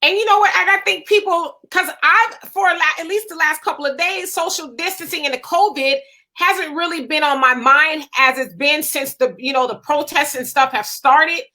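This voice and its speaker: Woman, host, casual interview, chatty, high pitch, bright tone. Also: normal speed. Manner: chatty, uses many fillers, asks leading questions.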